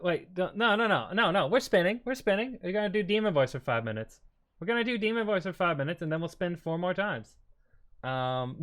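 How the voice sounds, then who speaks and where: Male streamer, slightly high voice, excitable, playful banter with chat. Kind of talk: casual live-stream chat.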